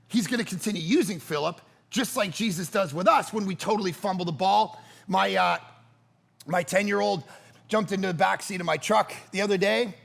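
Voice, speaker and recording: A man in his thirties preaching a sermon, telling stories with animated, jokey delivery. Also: sits high, gravelly. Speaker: pastor.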